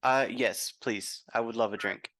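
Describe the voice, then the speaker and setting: A man playing in a tabletop game, reacting in an excitable way. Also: medium pitch, a little slow. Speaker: player. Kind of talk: tabletop role-play.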